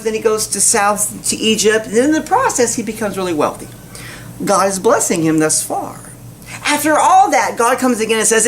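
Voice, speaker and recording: A woman's voice: fairly high pitch, slight background noise, rough recording. A woman preaching a sermon in church, folksy and storytelling, full of rhetorical questions.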